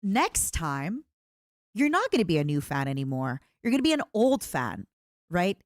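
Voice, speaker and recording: A woman streamer chatting casually with her viewers, rambling and animated, often restarting her sentences. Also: fairly low pitch, moderate pace, dry recording, studio quality. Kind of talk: casual livestream chat.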